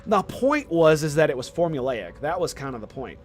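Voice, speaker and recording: Rambling, excited young male streamer. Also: on the high side, a little fast. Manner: excited, rambling, slangy with lots of "dude" and "man". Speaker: game streamer. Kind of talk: casual chat while streaming.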